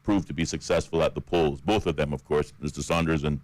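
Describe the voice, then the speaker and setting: A Caymanian man with a very low, deep voice co-hosts a radio talk show. He reads through lists steadily, with plenty of fillers. The studio sound is dry and close. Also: brisk, dry recording, poor audio. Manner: steady list-reading with fillers. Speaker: radio co-host. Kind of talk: radio talk about election candidates.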